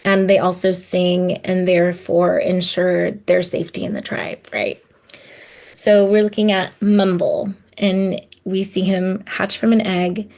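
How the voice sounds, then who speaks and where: A podcast host with a fairly low, gravelly, slightly mellow voice talks at a measured pace with flat delivery. She's reflecting solo in a heartfelt, conversational style and imitates the voices she quotes.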